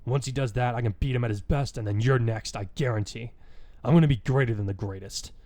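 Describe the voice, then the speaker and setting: A man's voice: mid-range voice, quick pace, dark tone, dry recording, natural voice. A man voicing a brash, hot-tempered teenage boy hero with a growling, boastful manner in a fan story reading. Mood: scornful.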